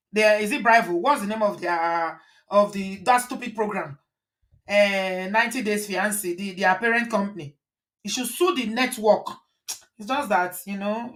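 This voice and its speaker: A woman host giving an animated, indignant commentary, firing off rhetorical questions. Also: medium pitch. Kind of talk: casual commentary.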